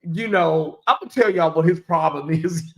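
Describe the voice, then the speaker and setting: A livestream host giving live gossip commentary in a blunt, profane, animated way, with big swings in pitch. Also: normal speed.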